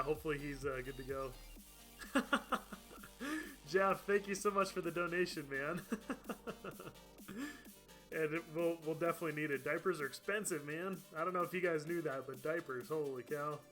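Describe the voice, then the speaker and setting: A man's voice: on the high side, moderate pace, long pauses, a bit bright, faint music behind. A man streaming a video game live, chatting casually, laughing often and thanking viewers by name. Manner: chatty, laughs often, reads out chat names and thanks donors. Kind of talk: casual live-stream chat over gameplay.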